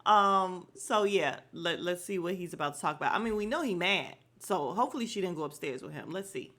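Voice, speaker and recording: A woman's voice: lowish voice, expressive, a little fast, a bit bright. A woman hosting a podcast, giving a casual, opinionated recap of a reality show with slang and frequent laughs. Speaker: podcast host.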